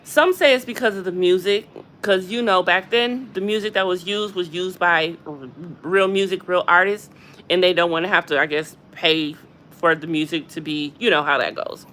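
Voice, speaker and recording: A woman hosting a casual gossip livestream from a hospital room, chatty and animated, often addressing her viewers directly. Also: fairly low pitch, normal speed. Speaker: gossip channel host.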